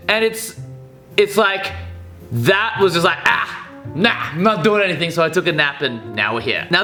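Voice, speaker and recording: A young man vlogging casually from his apartment, animated and acting out his inner voices in a chatty monologue. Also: reverberant. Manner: animated, acts out inner voices with big pitch swings.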